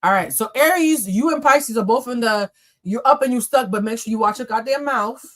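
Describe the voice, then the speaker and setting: A woman's voice: fairly high pitch, a little fast. Blunt, profane woman reading tarot live. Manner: blunt, profane and playful, addressing viewers as y'all. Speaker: tarot reader and live stream host. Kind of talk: live-stream tarot reading, answering chat.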